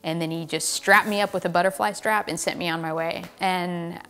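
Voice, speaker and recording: American woman telling a wild race crash story, kinda low voice, acts out the quotes. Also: fairly quick, slight background noise. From United States. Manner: animated, relives the scene with quoted lines. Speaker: pro cyclist telling a story. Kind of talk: casual storytelling.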